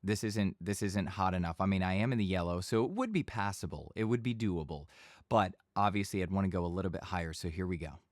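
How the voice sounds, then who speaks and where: A man giving a casual voice-over tutorial in a home studio, speaking in a relaxed conversational tone into a studio microphone. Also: deep voice, fast talker, no echo. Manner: relaxed conversational teaching, occasional bursts of yelling demos. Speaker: voice-over instructor.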